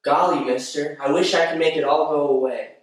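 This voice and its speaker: A man's voice: fairly high pitch, fairly even intonation, fairly quick, close to an everyday voice. A man voicing a naive, whiny young man who sounds fed up and pleading. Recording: very echoey room, distant mic.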